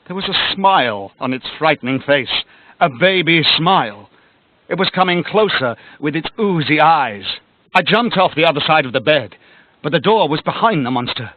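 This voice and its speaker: Dramatic male storyteller on tinny cassette. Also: on the high side. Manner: dramatic storytelling, dropping to a hush. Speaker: narrator. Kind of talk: cassette audiobook reading.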